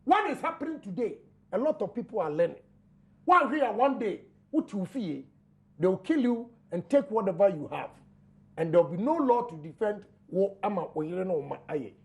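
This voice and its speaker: A man with a Ghanaian accent arguing forcefully in a heated political panel debate, switching between English and Twi. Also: high voice, very animated, normal speed, vocal fry.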